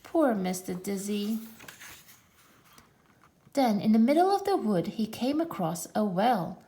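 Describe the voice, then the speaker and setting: Lively woman reading a children's story. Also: medium pitch, a little slow. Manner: expressive, playful.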